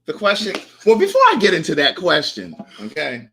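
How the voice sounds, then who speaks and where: A man's voice: fairly high pitch, huge pitch swings, a little fast, creaky, fairly bright tone, slight background noise. A young man hosting a casual live chat, telling a story and acting out the lines people said. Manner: chatty storyteller, acts out quoted lines. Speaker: host.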